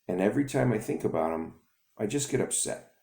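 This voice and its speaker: A man voicing a remorseful middle-aged father who confides in his son in a halting, confessional way. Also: on the low side, expressive, gravelly, warm tone, echoey room, voice pushed up.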